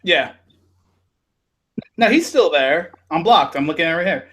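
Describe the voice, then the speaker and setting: Host, male, slightly high and sharp voice, unhurried, laughs a lot. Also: expressive, husky, poor audio. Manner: joking, laughs often. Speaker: podcast host. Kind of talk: casual chat.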